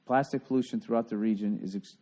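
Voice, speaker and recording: A man's voice: lowish voice, steady tone, fast talker, mellow. A man from Boston hosting a solo podcast, ranting in a profane, sarcastic, rambling way. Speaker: podcast host. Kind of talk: casual solo podcast rant.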